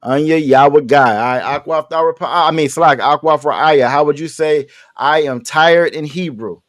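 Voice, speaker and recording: A man's voice: fairly high pitch, normal speed, no room sound, studio quality. A man teaching an online language class, patiently repeating his questions and joking casually with his students.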